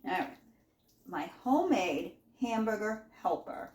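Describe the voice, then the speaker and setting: A woman's voice: medium pitch, big pitch swings, unhurried, a little mellow. A woman chatting casually in her home kitchen as she tastes and talks through her own cooking, rambling and folksy.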